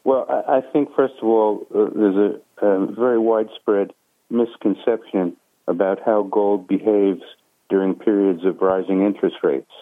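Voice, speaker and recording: Deep-voiced man on a tinny phone line. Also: fairly even intonation, no room sound. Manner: measured, hesitant with many fillers. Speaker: guest analyst. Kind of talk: phone interview.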